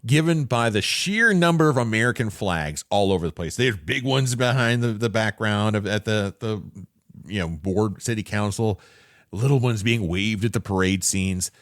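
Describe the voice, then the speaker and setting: A man co-hosts a casual movie-review podcast, rambling, joking, and slipping into little voices with animated energy. His pitch is fairly low and his speed normal, captured in clean studio sound with no echo.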